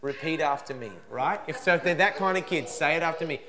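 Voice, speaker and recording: Before a live audience, a man gives a parenting seminar, animatedly acting out what parents and children say as examples. He speaks at a quick pace in a fairly high voice.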